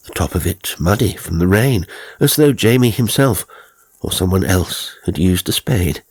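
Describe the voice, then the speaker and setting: A man reading a horror story in a slow, measured scripted narration, dropping to a hush at times. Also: low-pitched, animated, gravelly, breathy edge, no room sound.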